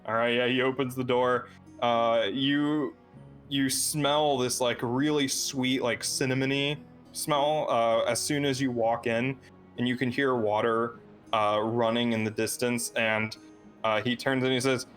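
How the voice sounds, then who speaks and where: A man's voice: medium pitch, flat delivery, measured pace, fairly bright tone, faint music behind. A man running a tabletop game as dungeon master, narrating loosely with many fillers and frequent laughs.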